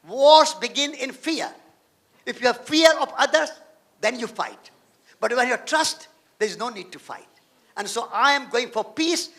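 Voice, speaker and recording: A man's voice: very high voice, sharp tone. A man from India, giving a storytelling lecture as a guest speaker and stacking up emphatic repeated phrases. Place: lecture hall.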